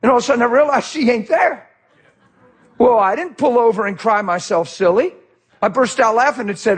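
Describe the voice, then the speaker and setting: A middle-aged male pastor preaching a sermon with passion, swinging from shouts to quiet, heartfelt talk. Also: extremely high pitch, brisk, husky.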